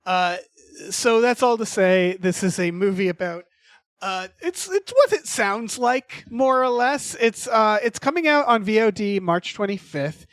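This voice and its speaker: A man's voice: high voice, lively intonation, a little slow, a bit bright, no echo, studio quality. A man co-hosting a podcast in casual chat, rambling with many fillers and restarts. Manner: rambling, hesitant, full of fillers. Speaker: podcast co-host.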